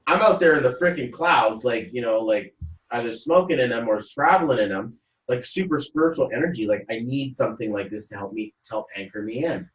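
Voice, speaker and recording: Male podcast host, casual storyteller, mid pitch, acts out quotes, roomy and slightly off-mic. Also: fairly quick. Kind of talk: casual chat. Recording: roomy echo, voice a little far off mic.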